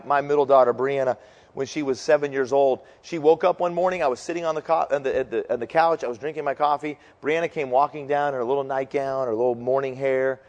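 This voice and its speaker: A middle-aged man preaching a sermon as a story, animated and jokey, who acts out the voices of the people in it. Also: medium pitch. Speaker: pastor. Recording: long reverb of a large hall.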